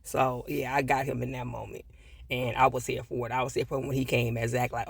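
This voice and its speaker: A man's voice: mid-range voice, fairly even intonation, brisk, creaky, husky, no room sound. A man giving a casual, blunt TV episode review, swearing freely and repeating his points for emphasis. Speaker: TV show reviewer.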